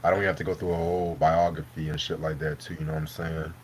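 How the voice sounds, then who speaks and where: A man with a very deep, slightly mellow voice talks quickly in a flat delivery, with a little hiss or hum on the recording. He's hosting a casual live stream, eating dinner while bantering loosely, swearing a lot and laughing.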